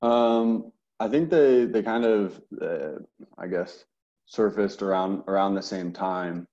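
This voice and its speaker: A man's voice: lowish voice, slow, dark tone, dull audio. A man being interviewed as a guest, speaking hesitantly with repeated words and many fillers. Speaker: interview guest, service manager. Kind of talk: casual interview.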